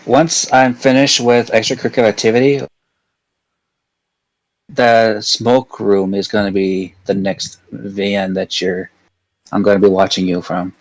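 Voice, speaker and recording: A man's voice: lowish voice, flat delivery, unhurried, dry recording, rough recording. A man chatting casually as a guest on a stream, hesitant and self-conscious.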